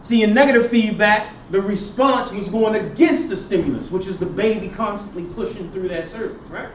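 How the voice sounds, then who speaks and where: A man with a high voice lectures in a classroom and keeps pausing so his students can fill in the answers. He is picked up from a distance by a dull recording. The room is echoey, with faint background noise. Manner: quizzing students with fill-in questions. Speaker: professor.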